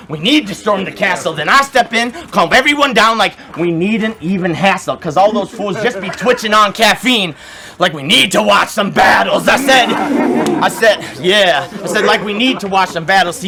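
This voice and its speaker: A man battle rapping live, taunting his opponent and repeating lines for the crowd. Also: high voice. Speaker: battle rapper. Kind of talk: live battle rap performance. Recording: live event with loud crowd.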